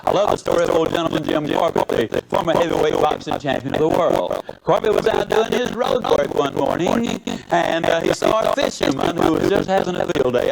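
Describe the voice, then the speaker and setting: A man with a drawl tells homespun stories in a motivational talk. His voice sits a little high and leaps up and down with lively swings. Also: creaky, heavy background noise. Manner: folksy, animated storyteller. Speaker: motivational speaker. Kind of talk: motivational speech with storytelling. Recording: archival talk.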